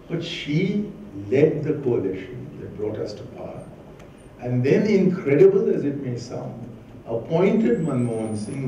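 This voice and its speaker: A man's voice: mid-range voice, mellow, a little hiss or hum. An older man giving a witty, combative public lecture at a university, with sardonic jokes. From born in Pakistan, raised in India. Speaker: guest speaker. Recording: roomy hall from far off, dull.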